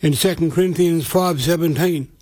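A man's voice: fairly high pitch, moderate pace, darkish tone. An Australian man delivers a radio sermon in an earnest, pleading way, circling back to the same phrases as he leads listeners in prayer. His voice sits slightly above the usual male range. The studio sound is dry, with no room echo. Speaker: radio preacher.

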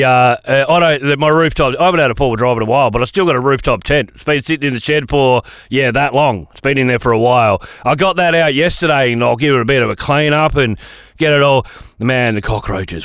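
A man's voice: a little high, fairly bright tone, clean tone, no room sound, studio quality. A middle-aged Australian man hosting a radio show, chatting casually in a rambling, self-deprecating way with lots of restarts.

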